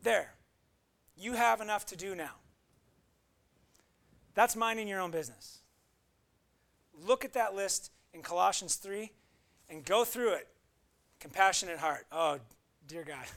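A man's voice: sits high, measured pace, vocal fry, pauses often, a bit bright. A man preaching a sermon in an earnest, conversational way, with sudden emphatic bursts. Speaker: pastor.

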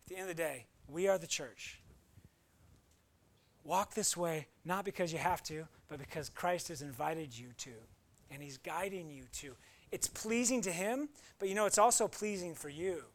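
A man delivers a sermon in a high, gravelly voice. He moves between talking plainly with his listeners and breaking out in sudden emphatic bursts, sounding earnest throughout. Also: normal speed. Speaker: pastor.

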